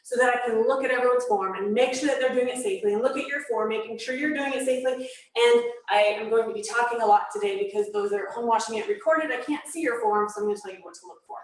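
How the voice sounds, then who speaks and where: A woman's voice: on the high side, fast. A woman leading a live fitness class, talkative and encouraging, giving step-by-step cues and counting out reps. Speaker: fitness instructor. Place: echoey studio with music playing. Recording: very echoey room, music behind. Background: workout music.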